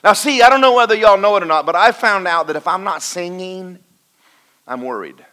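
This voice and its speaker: A man preaching a folksy sermon to a congregation, swinging between loud and quiet. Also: sits high, quick pace. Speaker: pastor. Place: church in front of a congregation.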